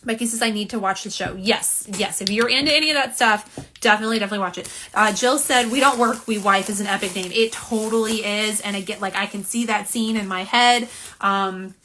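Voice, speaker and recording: A woman with a bright, forward voice hosts a casual live stream into her phone, chatting with viewers and reading their comments aloud as she goes. She is quick to laugh at her own slips and talks in a loose, friendly, rambling way. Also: mid-range voice, a little hiss or hum. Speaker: nail polish livestream host. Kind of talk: live unboxing and swatching stream. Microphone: phone camera, front and back.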